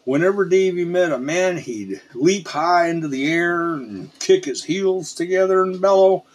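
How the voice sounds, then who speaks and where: A man tells a frontier storybook tale in a slow, unhurried drawl with folksy asides. His voice is husky and breathy, pitched a little high for a man, and he never rushes a line. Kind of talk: storybook narration.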